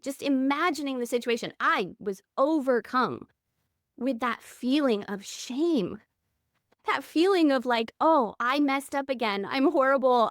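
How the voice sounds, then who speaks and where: A woman's voice: a little high, fairly bright tone, dry recording, studio quality. A woman in her thirties, a podcast guest telling personal stories in an earnest, candid way. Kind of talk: reflective interview conversation.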